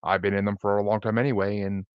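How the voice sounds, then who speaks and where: A man's voice: lowish voice, flat delivery, fast, clean tone, dry recording, lo-fi sound. A man talking as a podcast guest in a laid-back, chatty, rambling way over a video call. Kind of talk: casual interview chat.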